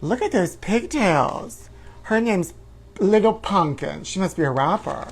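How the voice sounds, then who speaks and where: A man's voice: high-pitched, very animated, measured pace, breathy edge, heavily acted. A man doing a brassy camp tabloid-show hostess. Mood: campy gossip. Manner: drawling, calls everyone honey, sudden whooping shrieks. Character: brassy self-absorbed woman tabloid talk-show host. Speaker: host. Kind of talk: campy comedic live-stream character.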